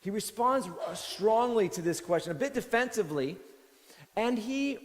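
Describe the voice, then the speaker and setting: A male pastor delivers a sermon in a loose, conversational way, often restarting his sentences. His voice sits high for a man. The sound carries the long reverb of a church hall. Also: normal speed. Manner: conversational, animated, with many restarts.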